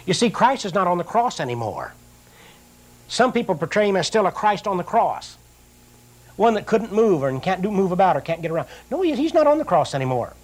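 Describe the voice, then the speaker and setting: An older man delivers a sermon in a voice pitched a little high for a man. He reads scripture in a slow, drawn-out cadence and then talks it through in a plain, earnest manner. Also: animated. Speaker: preacher.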